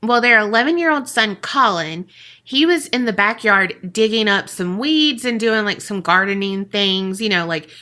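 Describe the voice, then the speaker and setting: A woman's voice: mid-range voice, expressive, moderate pace, pushed and bright. A woman co-hosting a podcast, telling a story in a casual, profane way and laughing often. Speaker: podcast co-host.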